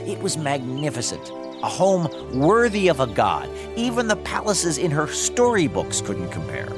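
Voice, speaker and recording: A man hosting and narrating a story in an expressive, playful manner. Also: a little high, moderate pace, music in the background. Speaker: host and narrator.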